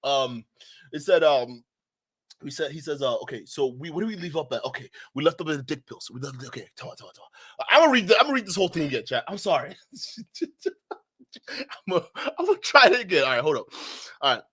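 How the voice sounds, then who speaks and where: Man, live streamer, high pitch, bright forceful tone, slangy, profane, talks to chat, loud laughter. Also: very animated, a little fast, slightly rough. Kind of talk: live reaction commentary.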